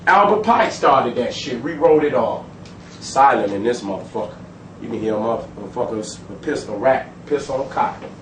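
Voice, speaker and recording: A man's voice: animated, moderate pace, far from the mic, a little hiss or hum. Profane, emphatic man lecturing in an echoey room. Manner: profane, emphatic, swings between loud and low. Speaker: speaker lecturing an audience. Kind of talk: animated street lecture. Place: room with a live audience.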